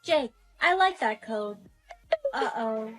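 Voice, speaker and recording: A woman's voice: a little high, takes it slowly, no echo. A woman playing a curious robot girl. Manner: flat, literal questions. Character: curious young female AI robot. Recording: faint background music.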